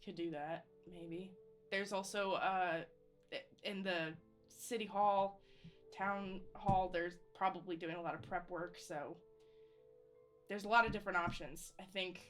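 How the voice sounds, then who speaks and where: A woman playing a character in a tabletop game, talking in an emotional, halting way. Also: fairly low pitch, steady tone, a bit bright, soft background music. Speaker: player.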